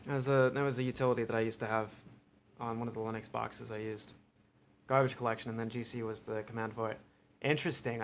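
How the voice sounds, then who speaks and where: A young Ohio man hosts a livestream, chatting casually and profanely as he rambles and thinks out loud. His American accent blends Midwestern with a New York tinge, and his medium-pitched voice is flat and quick over slight background noise.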